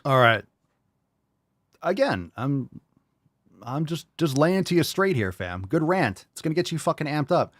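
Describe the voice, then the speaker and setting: A man's voice: fairly high pitch, big pitch swings, normal speed, long pauses, a little hiss or hum. A man hosting a live podcast who rants bluntly and profanely and mocks his listeners' excuses in put-on voices. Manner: mocking impressions of listeners. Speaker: podcast host.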